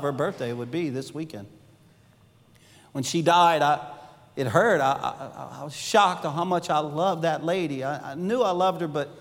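A middle-aged male pastor preaching a sermon, swinging between loud emphasis and hushed, intimate asides. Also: on the high side. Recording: long hall reverb.

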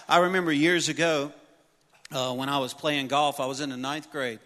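A middle-aged man preaching a sermon, telling personal stories with humor and building to loud exhortation. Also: a little high, steady tone, normal speed. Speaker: pastor. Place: church sanctuary. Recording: long reverb of a large hall.

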